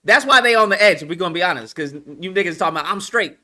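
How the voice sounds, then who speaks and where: Male commentator with a high, animated, profane delivery. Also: very fast. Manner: animated, profane, repeats himself. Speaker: online commentator. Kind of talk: casual commentary.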